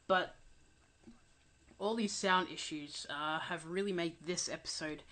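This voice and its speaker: A woman's voice: fairly low pitch, unhurried, a bit bright. A young woman giving a casual audio commentary, mumbling and hesitant as she recovers from being sick. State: recovering from illness. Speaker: channel host. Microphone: home desk microphone.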